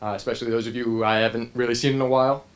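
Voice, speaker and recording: A man's voice: mid-range voice, level tone. Earnest young man giving a toast. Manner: earnest, with frequent "uh" pauses and restarts. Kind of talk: heartfelt wedding speech.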